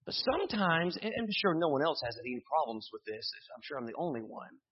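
A man preaches from the pulpit, animated and joking, often repeating his words. His voice is a little husky. The recording sounds dull and lo-fi. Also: on the high side, brisk. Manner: animated preaching with humor and repetitions. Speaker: pastor. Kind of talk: sermon.

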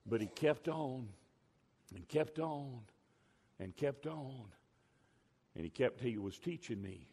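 Middle-aged preacher, bright voice, reverberant hall. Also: male voice, medium pitch, slow, pauses often. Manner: animated storytelling, emphatic swings in loudness. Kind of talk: sermon. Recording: long reverb of a large hall.

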